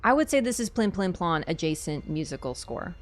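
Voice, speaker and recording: A woman YouTuber giving excited, rambling reaction commentary, swinging between loud gushing and hushed murmurs. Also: fairly low pitch, a little fast, soft background music. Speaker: YouTuber reacting to a game trailer.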